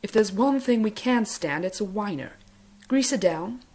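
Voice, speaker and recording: A woman voicing a fussy, preening man stylist with an affected, drawn-out way of talking. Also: medium pitch, animated, darkish tone, husky. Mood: haughty.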